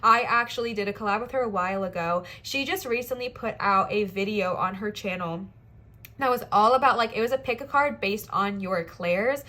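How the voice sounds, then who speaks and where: A woman's voice: mid-range voice, moderate pace, sharp tone. A woman giving a casual pick-a-card tarot reading, speaking in enthusiastic, encouraging bursts full of affirmations and chatty asides to her viewers. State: out of breath at times. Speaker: tarot reader, channel host.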